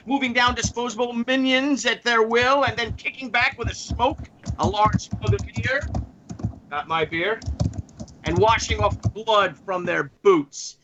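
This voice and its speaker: A man's voice: bright, forceful tone, slight background noise. A man co-hosting a comics podcast over a video call, with theatrical, grandiose introductions. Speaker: co-host. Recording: muffled low-fidelity audio.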